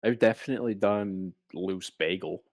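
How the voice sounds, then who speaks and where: A man's voice: low voice, moderate pace, dry recording. A young man co-hosting a comedy podcast, telling rambling, playful stories in casual chat. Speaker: podcast co-host.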